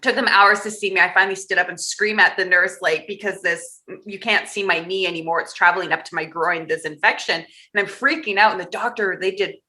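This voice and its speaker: A woman's voice: mid-range voice, fairly even intonation, brisk, hardly any pauses, sharp tone. A woman guest on a podcast interview, telling a personal story candidly and with animation, often laughing through hard memories.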